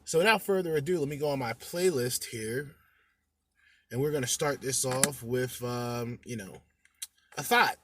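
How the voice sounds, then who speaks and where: A man's voice: medium pitch, moderate pace, a bit bright, a little hiss or hum. A man hosting a podcast in a casual, brash commentary style, swearing and bantering with his listeners. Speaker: podcast host.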